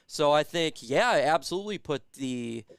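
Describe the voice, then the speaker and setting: A man's voice: on the high side, animated, normal speed, creaky, smooth, dry recording, studio quality. A man hosting a casual sports live stream who hypes the chat and reads out viewer comments. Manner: hypes chat, reads super chats aloud.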